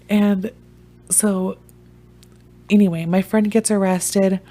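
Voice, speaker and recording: A woman's voice: mid-range voice, takes it slowly, long pauses. A young woman casually telling a funny, profane story as a vlogger. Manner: animated, profane, joking.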